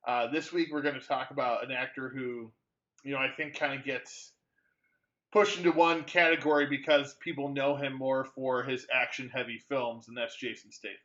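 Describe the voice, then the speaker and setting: A man's voice: medium pitch, steady tone, moderate pace, fairly bright tone, lo-fi sound. A man co-hosting a movie podcast, chatting casually with a rambling delivery full of fillers and restarts. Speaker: podcast co-host. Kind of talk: casual movie-review chat.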